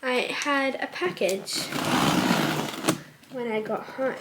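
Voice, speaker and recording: Chatty young woman vlogging, bit high. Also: steady tone, measured pace, long pauses, very noisy. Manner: chatty, upbeat and gushing. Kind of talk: casual vlog chat. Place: outdoors in a park, then at home.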